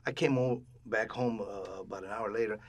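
An older man telling stories in a casual interview, animated and acting out the voices of people he quotes. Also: fairly low pitch, moderate pace, breathy edge. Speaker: interviewee, bandleader.

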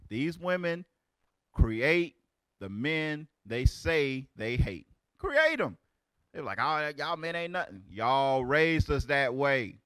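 A man in his forties delivers animated preaching commentary, his pitch leaping all over as he exclaims and banters in street talk. His voice is bright and sharp and sits fairly high, with a dry, close sound. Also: no room sound. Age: 40s. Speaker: teacher of a religious group.

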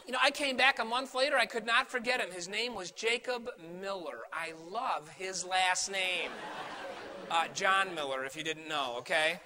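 Pitched high and sharp in tone, this man speaks at a moderate pace. He's a keynote speaker giving a motivational address in a large room, asking the live audience questions and spinning stories with theatrical flair.

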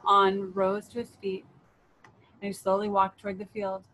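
A woman leading a children's story and meditation, reading aloud in a gentle, soothing way. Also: medium pitch, completely flat delivery, a little slow, slight background noise, poor audio.

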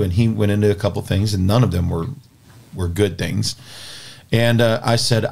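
A man's voice: lowish voice, fairly even intonation, normal speed, creaky, darkish tone. A man hosting a Christian podcast from a studio, telling a story in an earnest, plainspoken way and often restarting his words. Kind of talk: casual spoken storytelling and talk.

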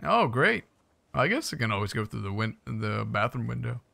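A man's voice: mid-range voice, very animated, normal speed, vocal fry, bright, forceful tone. A young man giving casual, playful commentary while playing a survival game, chatting to his viewers with jokey asides. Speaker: gaming YouTuber.

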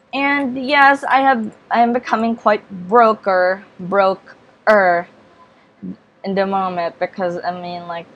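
A woman's voice: on the low side, highs cut off. A woman vlogging casual game commentary, hesitant and rambling, with many fillers, restarts and polite apologies. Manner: hesitant and rambling, many ums and self-corrections; apologetic, repeats polite refusals. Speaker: gaming vlogger.

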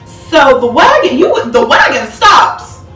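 A young woman with a high, very lively voice tells a storytime, bright and sharp, leaping between tones as she acts out every moment. She sounds a little off-mic in an echoey room, with faint music underneath. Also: slow, recorded from a distance. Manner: animated, dramatic retelling with acted-out quotes and laughter. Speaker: vlogger. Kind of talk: storytime vlog.

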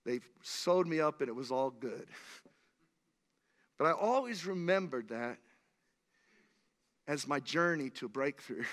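A man's voice: a little high, expressive, measured pace, pauses often, fairly bright tone, in a large hall. A man preaching a sermon as pastor in a church, telling a personal story with earnest intensity and then rising to fervent appeals to the congregation. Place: church sanctuary.

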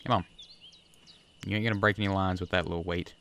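A man's voice: low-pitched, level tone, very fast, fairly bright tone, a little hiss or hum. A man chatting casually and rambling through gameplay commentary at his home desk, talking to the fish on screen. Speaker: gaming video creator. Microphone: USB desk microphone.

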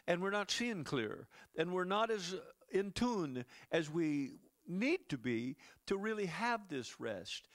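A man preaching to his congregation in a loose, conversational way. His voice sits fairly high and has a gravelly edge, and he drops in chuckles and side remarks to the church as he goes. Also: fairly bright tone. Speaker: pastor. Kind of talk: sermon.

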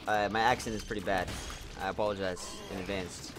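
A young man streaming a game, talking excitedly to his viewers and swearing as he plays. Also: low-pitched, brisk, faint music behind. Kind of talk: casual gameplay commentary.

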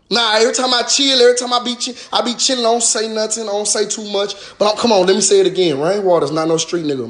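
A man with a drawl rants straight to his followers in a live-stream monologue. His voice sits noticeably high, and he goes at it in a profane, mocking way, dropping a sarcastic "sir" again and again. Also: a bit bright. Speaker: rapper addressing his followers.

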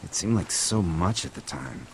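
A sighing, gravelly survivor. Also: male voice, deep voice, expressive, moderate pace, slight background noise, rough recording. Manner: sighing, wry.

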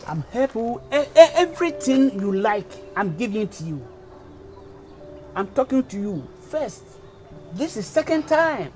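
A man's voice: high voice, unhurried, slight background noise. An actor with a Ghanaian accent plays a clumsy lovesick young man who woos a woman in broken English in a comedy skit. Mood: pleading. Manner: broken English, pleading, lively. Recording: music playing behind.

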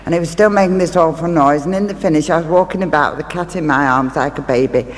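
A woman's voice: deep voice, fast. A woman speaking as a stage medium, telling homely stories to a live audience with chatty asides. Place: large theatre hall. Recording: reverberant live hall, faint ambience.

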